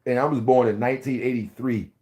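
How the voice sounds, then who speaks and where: A man in his forties with a Philadelphia accent talks straight to camera in a loose, casual monologue. He rants bluntly, swears freely and keeps circling back to the same point. His voice sits at an ordinary middle pitch. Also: fairly even intonation, fast, darkish tone. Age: 40s. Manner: blunt, profane, repetitive ranting. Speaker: vlogger.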